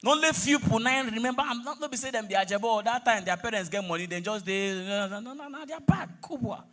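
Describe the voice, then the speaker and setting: Nigerian male stand-up, lively swooping delivery, teasing crowd work with pidgin asides. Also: high-pitched, quick pace, faint music behind. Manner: teasing, mixes pidgin, breaks into song. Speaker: comedian on stage.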